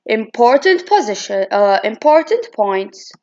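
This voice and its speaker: A woman's voice: fairly high pitch, big pitch swings, a little slow, a little mellow. Woman reading a phonetics lesson, lo-fi. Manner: reads from slides with hesitant restarts and fillers. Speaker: student presenter.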